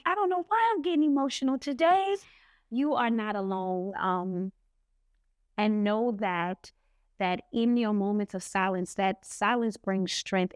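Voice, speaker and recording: A middle-aged woman co-hosting a podcast, speaking earnestly and reflectively with pauses. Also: medium pitch, smooth, no echo, studio quality. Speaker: podcast co-host. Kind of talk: heartfelt podcast talk.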